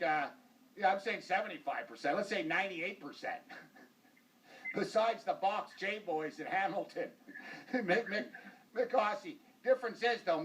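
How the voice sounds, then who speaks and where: A man's voice: sits high, distant mic, poor audio. A man hosting a sports talk show, rambling and joking in casual banter. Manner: rambling, joking, full of fillers like "like" and "uh".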